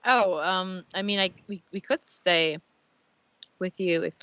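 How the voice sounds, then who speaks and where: A woman's voice: on the low side, measured pace, pushed and bright, clean tone, no room sound, dull audio. A woman playing a tabletop role-playing game, speaking hesitantly with many fillers and restarts. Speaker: player. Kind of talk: tabletop role-play over voice chat.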